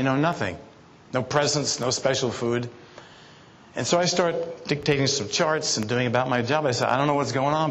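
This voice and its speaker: A man tells a life story from the stage in a playful, teasing way. His voice sits at an everyday middle pitch. A faint hum of the conference room hangs behind him. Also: fairly bright tone. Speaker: keynote speaker. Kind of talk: storytelling keynote talk. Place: conference hall.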